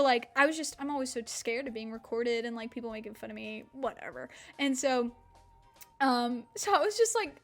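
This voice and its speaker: A woman's voice: sits high, fairly bright tone. A young woman streaming, rambling through a story in casual chat, self-deprecating, swearing often, with laughs between words.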